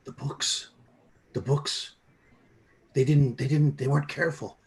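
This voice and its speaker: A desperate, half-mad scholar, put on by a man running a tabletop game. The voice is pushed well above his usual pitch, with a gravelly edge. He stammers and repeats himself. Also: steady tone, unhurried. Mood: frantic. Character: ragged, frantic older male scholar, half mad.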